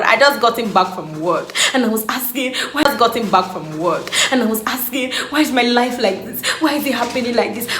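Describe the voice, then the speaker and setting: A woman in her late twenties, an animated faith vlogger who laughs often as she shares her story. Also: mid-range voice. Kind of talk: casual devotional vlog. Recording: echoey room, faint background hum.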